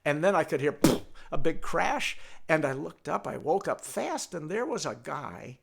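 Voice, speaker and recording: Gravelly, animated male storyteller. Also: a little high, noisy background. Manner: lively, halting, full of restarts, talks to his donkey. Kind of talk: told folk tale with a puppet.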